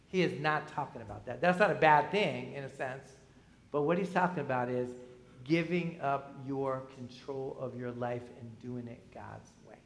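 A man's voice: mid-range voice, normal speed. A man who is a pastor, preaching a sermon in a conversational way, often asking the congregation questions and checking in with "right?". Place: church sanctuary. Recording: echoey church hall.

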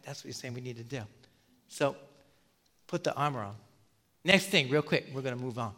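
A male pastor giving a sermon in a conversational, animated way, telling a story with many asides. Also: medium pitch, moderate pace, long pauses, in a large hall.

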